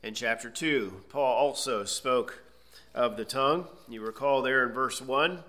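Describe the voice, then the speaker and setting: A man's voice: medium pitch, measured pace, sharp tone. A man preaching an expository sermon, reading scripture aloud and then explaining it plainly. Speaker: pastor.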